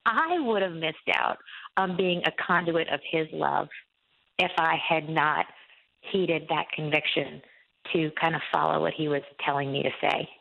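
Woman guest, earnest halting storyteller, low-ish gravelly voice, tinny phone line. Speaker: author and guest. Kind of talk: casual Christian radio interview.

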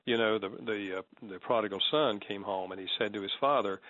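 A man speaking as a guest in a conversational interview, measured and explanatory, acting out sample apologies as he teaches. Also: lowish voice, fairly bright tone, no echo, dull audio.

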